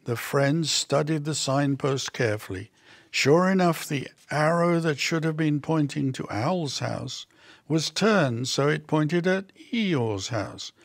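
A man reading a children's picture book aloud slowly and gently, giving the characters small voices. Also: mid-range voice, vocal fry, no echo, studio quality. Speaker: storybook reader.

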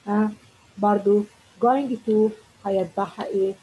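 A woman's voice: medium pitch, brisk, dark tone, highs cut off, slight background noise. A woman with an Egyptian accent teaching an exam review lesson. She reads test items aloud, explains them, and praises imagined students. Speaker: English teacher.

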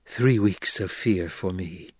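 A man's voice: sits low, slow pace, darkish tone, breathy edge, no echo, clean studio sound, full character voice. A man reading the lines of a proud noble mother who speaks bitterly and sharply. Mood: anxious.

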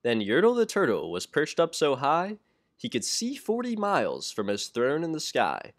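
A young college-age man reading a rhyming children's storybook aloud in an expressive, sing-song way. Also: fairly high pitch, moderate pace. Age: young adult. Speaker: children's book reader.

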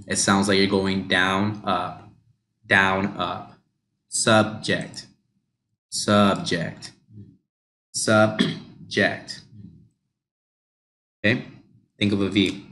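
A man coaching pronunciation on a livestream, slowly modelling and repeating words for learners. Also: deep voice, fairly bright tone, a little hiss or hum. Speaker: pronunciation teacher.

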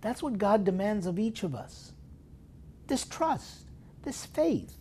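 A man preaching a sermon as a priest, putting strong stresses on key words, dropping into hushed whispered asides and asking his listeners questions. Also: sits high, sing-song, slow pace, slight background noise. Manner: emphatic, swinging between loud stresses and hushed whispered asides; talks straight to listeners with rhetorical questions. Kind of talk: sermon meditation broadcast.

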